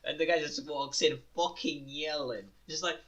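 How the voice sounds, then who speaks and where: A young man co-hosting a casual podcast, laughing often, swearing and telling stories in loud put-on voices. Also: a little high, fairly even intonation, moderate pace. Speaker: podcast co-host. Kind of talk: casual chat. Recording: dull lo-fi sound.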